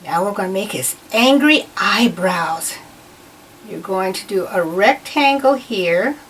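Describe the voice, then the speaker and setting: A woman's voice: medium pitch, expressive, slow pace, a bit bright, a little hiss or hum. A woman giving a patient, step-by-step drawing lesson to children. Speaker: art teacher. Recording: voice a bit far from the mic.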